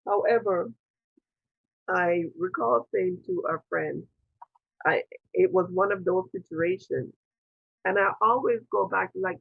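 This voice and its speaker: A woman interviewer speaks over a tinny, phone-like video call with a gravelly, husky texture to her voice. She talks earnestly and wanders through her story, voicing her own past thoughts as quotes. The sound is dry and close. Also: lowish voice, a little slow, long pauses, no room sound. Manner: earnest, digressive, with quoted inner dialogue. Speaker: spiritual interviewer and priestess. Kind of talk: reflective personal storytelling.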